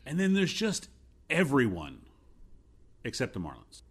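A man's voice: medium pitch, unhurried, crowd noise. A man with a New York accent in a casual sports chat, cracking sarcastic jokes. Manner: sarcastic, jokey, animated. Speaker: podcast co-host.

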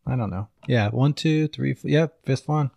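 A man's voice: medium pitch, moderate pace, vocal fry, warm tone, no room sound. A man co-hosting a podcast in easygoing, agreeable casual chat. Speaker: podcast co-host.

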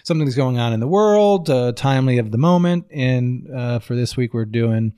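A man's voice: mid-range voice, animated, moderate pace, dark tone, clean tone, no room sound, clean studio sound. A man co-hosting a podcast in easygoing, agreeable casual chat. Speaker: podcast co-host.

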